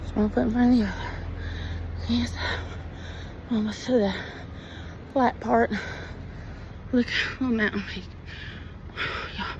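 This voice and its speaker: A woman's voice: on the high side, fairly even intonation, unhurried, long pauses. Breathless woman vlogging on a hilly walk. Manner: panting, chatty, talking to viewers. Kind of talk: casual walking vlog. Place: outdoors on a hilly trail. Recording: outdoor phone recording with loud background noise.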